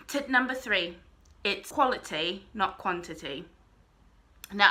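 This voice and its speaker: A woman's voice: medium pitch, sharp tone. A young woman vlogger talking casually to camera, earnest and a little rambling.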